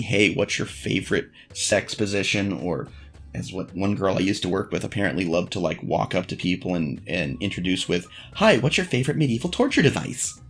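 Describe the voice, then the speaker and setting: A man's voice: sits low, vocal fry. A man vlogging frank dating advice in a blunt, profane, self-deprecating casual monologue.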